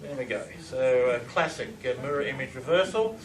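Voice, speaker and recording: A man giving a lively presentation to an audience, often asking them questions. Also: mid-range voice, brisk. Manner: enthusiastic, asks the audience questions. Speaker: lecturer on reverse speech. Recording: echoey room, distant mic, faint noise.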